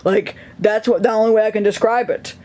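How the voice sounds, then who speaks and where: High-voiced young man, casual vlog chat, rambling, candid, laughs a lot, talking from his bed. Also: fairly even intonation, fairly quick, a little mellow, soft background music. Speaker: video creator. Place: his bedroom, lying in bed.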